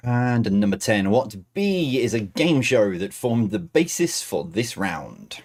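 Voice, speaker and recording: A man hosts a livestream quiz. His pitch swings freely as he chats. He drawls each question out slowly, then drifts into loose, rambling asides. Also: sing-song, a little mellow. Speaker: quiz host. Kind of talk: hosting a livestream pub quiz.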